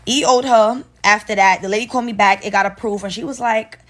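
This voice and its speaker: A young woman, telling a profane, animated workplace story straight to her viewers. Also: medium pitch, fairly quick, hardly any pauses. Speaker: storyteller vlogger. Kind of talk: casual storytime monologue.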